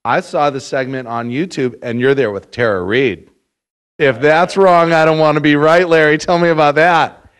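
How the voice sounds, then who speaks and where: A man's voice: a little high, moderate pace, a bit bright, clear, resonant tone. A male host chatting casually with his guest and prompting him with questions. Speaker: interview host. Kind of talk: casual interview chat.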